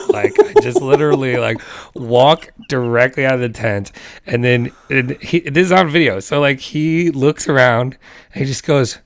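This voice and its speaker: A man co-hosts a podcast in loose, chatty storytelling mode, laughing often and slipping into the voices of the people in his story. His voice has a gravelly, creaky edge. The sound is dry and close, with no room in it. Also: mid-range voice, no room sound. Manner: animated, laughing, acts out quoted voices. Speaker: podcast co-host. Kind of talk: casual storytelling chat.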